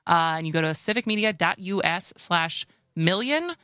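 Bright-voiced chatty Wisconsin woman host. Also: lowish voice, expressive, normal speed, clear, resonant tone, no echo, studio quality. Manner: chatty, laughs easily, restarts often. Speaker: radio talk show co-host. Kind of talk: casual radio chat. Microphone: studio microphone.

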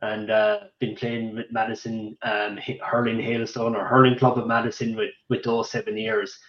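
Halting Cork Irish man, roomy and dull. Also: lowish voice, flat delivery, fairly bright tone. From Ireland. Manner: halting, with fillers and restarts. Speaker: guest, hurling club player. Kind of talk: casual radio interview.

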